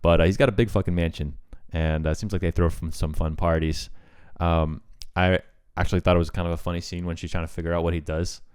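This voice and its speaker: A man's voice: low voice, little pitch movement, fast, few pauses, darkish tone, clear, resonant tone, dry recording, studio quality. A man co-hosting a casual film review podcast, laid-back and swearing freely, with plenty of fillers. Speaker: podcast co-host.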